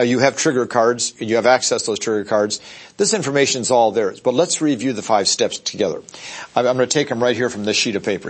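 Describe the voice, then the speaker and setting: A man's voice: mid-range voice, slightly rough. A man training real estate agents in a seminar, talking emphatically and checking in with the audience. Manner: acts out short quoted voices. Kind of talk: seminar talk.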